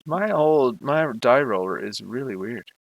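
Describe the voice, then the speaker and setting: A man's voice: mid-range voice, animated, measured pace, creaky, dry recording, lo-fi sound. A man narrating a tabletop game as game master, hesitant with many fillers as he describes the action.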